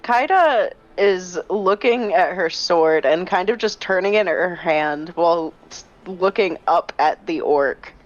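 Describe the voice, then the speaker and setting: Woman player in a tabletop game, lowish voice, dull lo-fi mic, faint music. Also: expressive, a little slow, few pauses.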